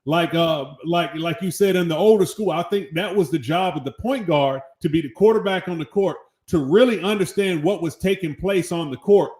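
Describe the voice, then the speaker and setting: A man's voice: a little high, normal speed, hardly any pauses, a little mellow. A man co-hosting a sports podcast, making emphatic points and often starting with "listen". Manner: emphatic, praises with "listen" and "tremendous". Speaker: podcast co-host. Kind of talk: casual sports talk. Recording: roomy echo.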